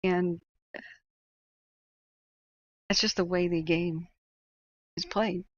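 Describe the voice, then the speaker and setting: A woman's voice: lowish voice, steady tone, very slow, dry recording, muffled recording. A woman hosting a livestream and reading out chat, talking in a casual, opinionated way and laughing often.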